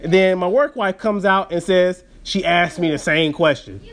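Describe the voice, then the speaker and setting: A man's voice: high-pitched, moderate pace, fairly bright tone, slight background noise. A man hosting a podcast, telling a story as a casual, rambling rant full of fillers and restarts. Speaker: podcast host.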